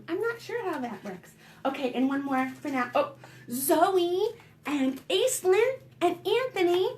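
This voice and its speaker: A woman children's librarian leading a preschool storytime, singing and talking to small children in an animated sing-song way. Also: high-pitched, reverberant. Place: home, recorded for online storytime.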